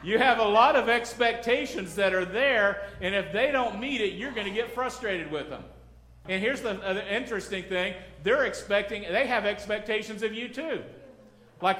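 Chatty preacher guy, high voice, acts out little bits, asks the crowd stuff, big echoey church. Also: normal speed, pushed and bright. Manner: conversational and joking, acts out little scenes, asks the crowd questions. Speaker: pastor. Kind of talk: sermon. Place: church sanctuary.

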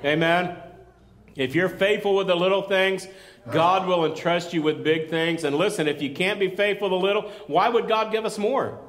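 A man's voice: high voice, fairly even intonation, normal speed. A male pastor preaching a sermon in a loose, conversational way, with joking asides and calls for amen.

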